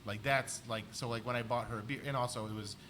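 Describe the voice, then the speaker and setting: A man's voice: mid-range voice, fairly even intonation, fast talker, background noise. A man, a comedian co-hosting a podcast, telling a rambling story in casual chat with lots of "like". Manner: rambling anecdotes full of "like".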